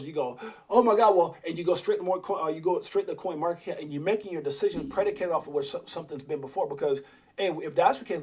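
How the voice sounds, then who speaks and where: A man hosting a crypto livestream, talking casually and rambling with animated asides. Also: fairly high pitch, slightly rough. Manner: rambling, animated, quick asides and mock voices.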